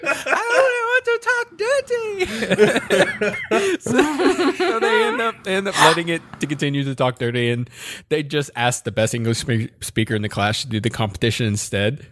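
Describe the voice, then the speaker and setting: A man's voice: mid-range voice, fairly bright tone, a little hiss or hum. A man co-hosting a podcast, recapping an anime episode in casual chat, rambling with many fillers and frequent laughs. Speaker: podcast co-host.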